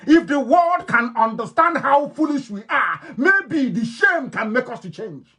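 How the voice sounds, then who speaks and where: High-voiced Nigerian man, impassioned. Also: big pitch swings, measured pace. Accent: Nigerian, Igbo-influenced English. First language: Igbo. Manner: emphatic and repetitive, swinging between loud declarations and low intense tones. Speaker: political leader broadcasting to followers. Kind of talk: impassioned radio address.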